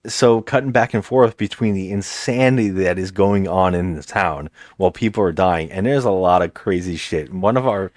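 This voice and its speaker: A man co-hosting a podcast, casually recapping a movie plot and quoting characters in raised, animated voices. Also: sits low, normal speed, few pauses, no echo, studio quality. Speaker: podcast co-host.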